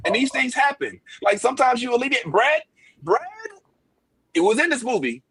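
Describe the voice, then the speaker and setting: A man hosting a casual podcast chat, animated and joking, swearing freely. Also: extremely high pitch, moderate pace, slightly rough. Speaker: podcast host.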